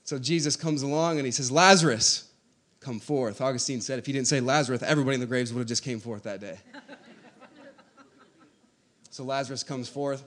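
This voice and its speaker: A man preaching a sermon, moving between quiet conversational teaching and loud, rising exhortation. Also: mid-range voice, fairly even intonation, brisk, long pauses.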